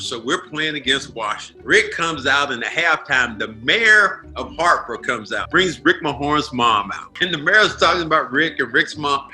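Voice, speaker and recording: Man, bright and forceful, very animated interview storyteller. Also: fairly high pitch. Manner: lively storyteller who acts out quotes. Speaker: former basketball player. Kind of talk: interview anecdote.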